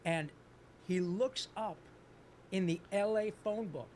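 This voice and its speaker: Guy with a pretty high voice telling a story, doing little voices for everyone. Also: slow, slight background noise. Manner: lively storyteller, voices the people he quotes. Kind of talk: anecdote told on a panel.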